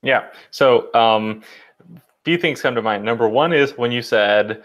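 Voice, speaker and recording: A man's voice: mid-range voice, measured pace. Easygoing man chatting on a podcast. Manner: relaxed, laughs easily, lots of fillers. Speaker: podcast co-host. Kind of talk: casual podcast chat.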